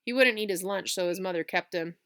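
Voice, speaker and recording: A woman voicing a calm, easygoing boy in a storybook reading. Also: medium pitch, a little fast, no echo, clean studio sound, natural voice.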